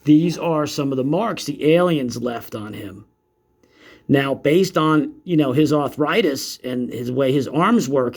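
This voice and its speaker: A man's voice: medium pitch, darkish tone. A man giving casual commentary on videos in a sarcastic, mocking, profane manner. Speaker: YouTube commentator.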